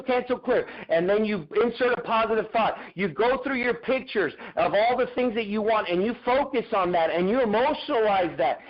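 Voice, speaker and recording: A man's voice: sits high, lo-fi sound. A man giving a fervent, preacher-like motivational talk on a group video call, repeating his phrases. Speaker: motivational speaker.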